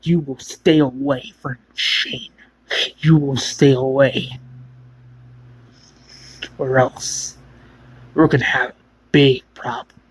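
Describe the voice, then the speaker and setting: A furious male survivor, fiercely loyal and swearing as he confronts a friend, as a man puts him on. The voice is husky and the delivery slow and heavy with threat. It sounds like a fan-made storytelling retelling. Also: mid-range voice, steady tone, no room sound, rough recording.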